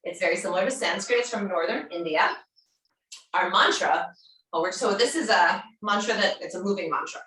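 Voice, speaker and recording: A woman guides a yoga class in a calm, encouraging way. Her voice is bright and clear in tone. She stands some way from the mic, and the room adds a strong, roomy echo. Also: mid-range voice, brisk, recorded from a distance. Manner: calm, encouraging, gently chanting mantra syllables. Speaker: yoga teacher.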